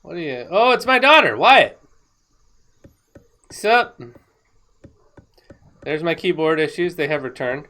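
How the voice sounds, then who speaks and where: Excitable woman narrating her gameplay. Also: deep voice, takes it slowly, pauses often. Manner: excitable, laughs often, rambling. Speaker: gaming video creator. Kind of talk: casual commentary over gameplay footage.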